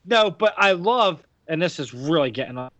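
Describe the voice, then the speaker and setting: A man's voice: on the high side, animated, normal speed, muffled recording, crowd noise. An American man hosting a podcast, chatting casually about wrestling with lots of fillers and restarts. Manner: rambling, many fillers and restarts. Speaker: podcast host.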